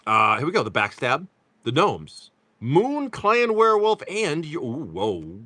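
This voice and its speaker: A man's voice: on the high side, wildly swooping pitch, measured pace, bright, forceful tone, no room sound. A man chatting casually on a live stream, joking with viewers while he reads off cards. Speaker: card-break livestream seller.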